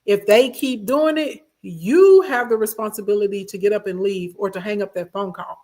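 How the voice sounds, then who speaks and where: A woman's voice: medium pitch, normal speed, mellow. Woman host, casual relationship-advice talk, emphatic and repetitive, mid-range voice. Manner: emphatic, repeats herself, checks in with listeners. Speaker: host answering viewer comments.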